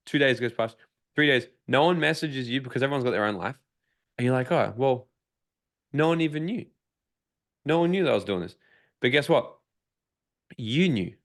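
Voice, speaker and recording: A man telling a personal story as a podcast guest, swearing freely, acting out his own inner dialogue and turning it into motivational advice. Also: mid-range voice. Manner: profane, emphatic motivational storytelling. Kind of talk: casual storytelling interview.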